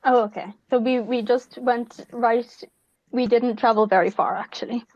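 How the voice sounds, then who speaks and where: A woman's voice: fairly high pitch, fairly even intonation, normal speed, no echo, dull audio. A woman playing a tabletop game, chatty and giggly with many fillers. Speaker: player.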